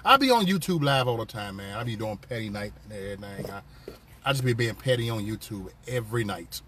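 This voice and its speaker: A man's voice: lowish voice, lively intonation, fairly quick, a bit bright, a little hiss or hum. A man hosting a casual live stream from his phone, talking loosely in profane, rambling banter with viewers. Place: on a work break, vehicle sounds nearby.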